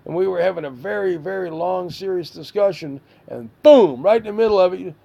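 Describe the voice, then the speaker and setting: Gravelly high-voiced man scolding. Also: animated, moderate pace, warm tone, highs cut off. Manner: scolding, exasperated, rhetorical questions. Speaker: stepfather figure scolding a child. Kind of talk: stern lecture to a child.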